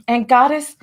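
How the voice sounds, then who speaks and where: A woman's voice: sits high, slightly rough. A woman hosting a casual livestream, nervous and stalling, repeating herself as she reads viewer comments aloud. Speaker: livestream host.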